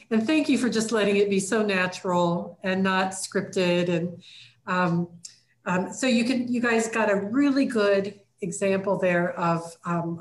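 A woman leading a church class on conflict resolution, talking casually and acting out quoted lines with sudden jumps in pitch. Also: reverberant. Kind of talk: casual teaching talk.

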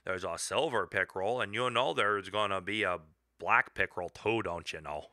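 A man's voice: fairly low pitch, normal speed, sharp tone, no room sound, studio quality. A man putting on a folksy Canadian accent, playing a chatty local who teases American visitors about fish names. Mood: teasing. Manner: folksy, teasing.

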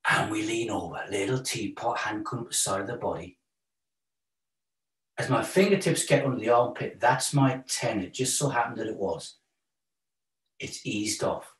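Calm man guiding a stretch class. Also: medium pitch. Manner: calm, encouraging, counts breaths. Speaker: yoga instructor. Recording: roomy echo, voice a bit far from mic.

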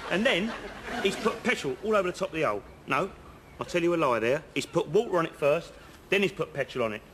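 A yarn-spinning decorator, slightly high voice, noisy outdoor sketch audio. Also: male voice, lively intonation, fast talker, a bit bright. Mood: chatty. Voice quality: chatty, earnest storyteller, leading asides. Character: rambling working-class male painter spinning pointless yarns. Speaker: house painter. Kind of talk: comedy sketch acting. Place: outdoors on a bridge.

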